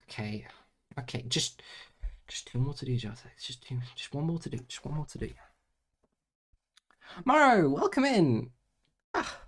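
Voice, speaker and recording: A man streams himself doing homework, chatting casually and muttering to himself in a mid-range voice. He tosses out playful nonsense words and halting French, swinging between loud bursts and quiet mumbling.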